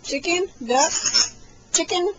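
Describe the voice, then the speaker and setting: Playful mother in her thirties reading to her toddler, high unhurried voice; home camcorder recording with audible background noise. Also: lively intonation. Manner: playful sing-song, animal noises and frequent laughter. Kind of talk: home video, reading a picture book to a baby. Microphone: built-in camcorder mic.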